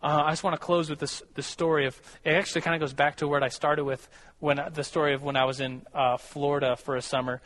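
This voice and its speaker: A man, a pastor, preaching a sermon, telling a personal story in a casual, animated way and closing in prayer. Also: fairly high pitch, fast talker, a little hiss or hum, poor audio. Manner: storytelling, animated when quoting others.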